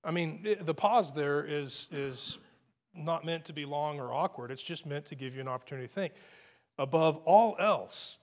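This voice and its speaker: Earnest man preaching, slightly high voice. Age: adult with family. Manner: earnest, emphatic, with frequent restarts and repeated words. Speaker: pastor. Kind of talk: sermon.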